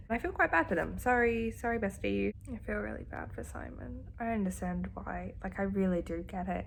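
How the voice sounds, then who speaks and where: A woman's voice: mid-range voice, slight background noise. A woman, chatting expressively and with sarcastic asides while reacting to a book on her reading vlog. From Australia. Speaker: book vlogger.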